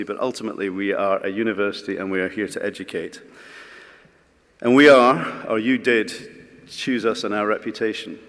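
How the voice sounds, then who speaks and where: A man giving a graduation speech at a lectern, wry and anecdotal, with halting fillers. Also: fairly low pitch, a bit bright. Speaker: college speaker at a graduation. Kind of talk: ceremony speech. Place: large ceremony hall. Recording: echoey large hall.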